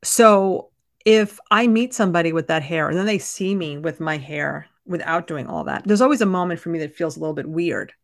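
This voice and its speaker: A woman's voice: on the low side, a little fast, no echo, studio quality. A woman co-hosting a podcast, chatting casually and emphatically about a book. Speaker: podcast co-host.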